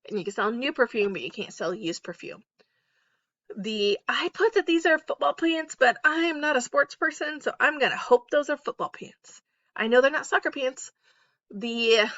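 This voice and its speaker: A middle-aged woman chats candidly to her viewers from home at night, laughing at herself as she talks through her online selling. Her voice is bright and forward, recorded close and dry, with a slightly dull, muffled top end. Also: medium pitch, dry recording. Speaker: eBay reseller and YouTuber. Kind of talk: casual list-with-me chat. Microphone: close, off camera.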